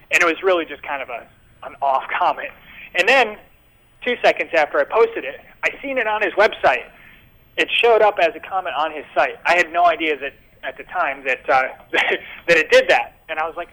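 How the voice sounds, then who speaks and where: A man's voice: a little high, a little fast, low-quality recording. A man, a guest in an interview, telling a story in a casual, rambling way with many fillers and restarts, and acting out the dialogue he quotes. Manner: animated, acts out quoted dialogue.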